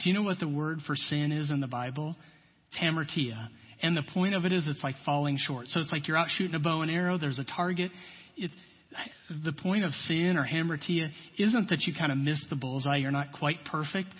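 A man delivers a sermon in a relaxed, folksy way, leaning on asides and everyday talk. His voice sits a little high and husky. The recording is dull and carries a long church reverb. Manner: conversational, folksy, many asides. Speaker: preacher.

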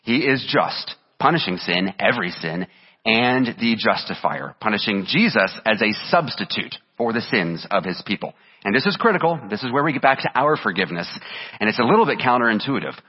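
Husky-voiced man preaching a sermon. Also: fairly low pitch, very animated, fairly quick, long reverb tail, dull audio. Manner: earnest preaching, reading scripture aloud with emphasis. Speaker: pastor.

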